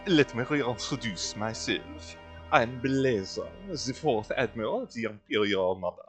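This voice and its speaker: A man voicing a scheming female villain admiral in a mock French accent, reading game lines slowly and low. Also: expressive, faint music behind, lightly acted. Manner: slow, low, menacing delivery. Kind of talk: reading game dialogue aloud.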